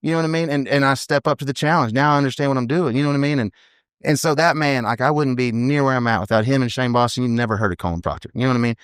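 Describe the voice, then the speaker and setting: A mid-range voice races through animated stories as a professional team roper in his thirties chats on a podcast, often saying "you know what I mean." His tone is clean, and the recording is dry with clean studio sound.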